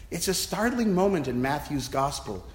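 A man's voice: a little high, lively intonation, normal speed. A man, a priest, giving a reflective, story-telling sermon from the pulpit of a church. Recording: echoey church with long reverb.

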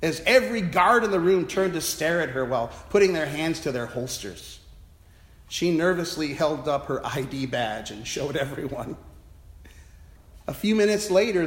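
A man, a priest, giving a reflective, story-telling sermon from the pulpit of a church. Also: on the high side. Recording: echoey church with long reverb.

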